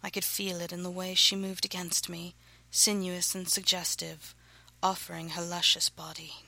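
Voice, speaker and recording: A woman reading her own erotic novel aloud, narrating softly and breathily, often close to a whisper. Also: fairly low pitch, little pitch movement, normal speed, creaky, dry recording, rough recording.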